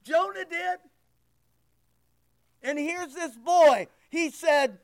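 A man preaching to his congregation. His voice sits very high for a man, and he takes his time, pressing each point home with rhetorical questions. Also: slow pace, long pauses. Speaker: pastor. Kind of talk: sermon.

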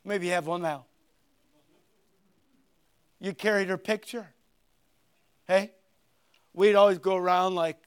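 An older man preaching a sermon, swinging between loud emphatic points and quiet conversational asides. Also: high-pitched, fairly even intonation, slow, pauses often, clear, resonant tone. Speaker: pastor.

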